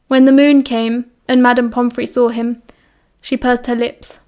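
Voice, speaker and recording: A woman narrating a fan-fiction audiobook at a steady, even pace. Her voice sits somewhat high and holds a flat, level melody with little rise and fall. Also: measured pace.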